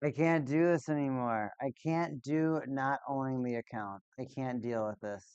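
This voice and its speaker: A live-stream host talking straight to viewers in a casual, exasperated, sarcastic way. The voice is smooth and resonant, close to the mic and dry. The sound is a little dull and lo-fi. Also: mid-range voice, normal speed, darkish tone, dry recording.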